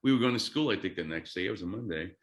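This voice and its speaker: A man in his fifties, a guest drummer, telling a story excitedly, swearing freely and acting out quotes. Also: sits low, very fast, roomy sound. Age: 50s. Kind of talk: animated storytelling.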